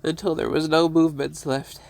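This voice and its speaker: A tearful man talking through an emotional personal monologue, halting and repeating himself, with laughs and sighs between his phrases. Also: fairly high pitch, level tone, gravelly, a little mellow, no echo.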